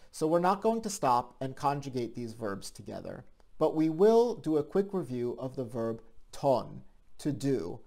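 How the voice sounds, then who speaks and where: A man in a mid-pitched voice leads a language lesson with playful, teasing asides. He explains points clearly and keeps the tone light. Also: dark tone. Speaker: language teacher. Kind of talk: scripted lesson for an online show.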